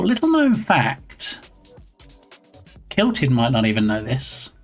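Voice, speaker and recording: A chatty male streamer talks casually while working on his game, reading messages aloud in a playful, easygoing way. His voice sits at a middle pitch, and soft music plays faintly behind him. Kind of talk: casual live-stream chat.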